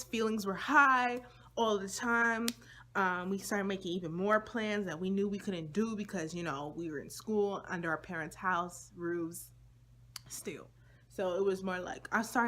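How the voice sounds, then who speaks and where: A woman's voice: mid-range voice, a bit bright, slight background noise. A young woman vlogger telling a personal story to her viewers in a casual, slangy, chatty way.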